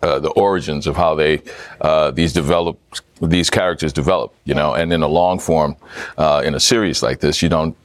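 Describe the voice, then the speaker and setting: A man as an actor guest on a morning TV show, answering in a halting way with many pauses and fillers. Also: extremely low pitch, steady tone, no room sound. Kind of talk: talk-show interview. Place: TV studio.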